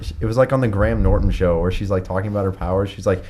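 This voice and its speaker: A young man co-hosts a loose podcast chat, cracking crude jokes. His voice sits low and sounds dark and mellow. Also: steady tone, fast talker. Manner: wisecracking, profane. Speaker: podcast co-host. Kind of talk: casual chat.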